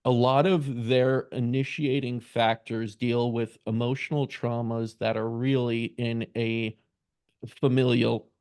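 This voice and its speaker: A man hosting an interview, asking questions and reflecting in a measured, deliberate way. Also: mid-range voice, flat delivery, darkish tone, clear, resonant tone. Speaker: host.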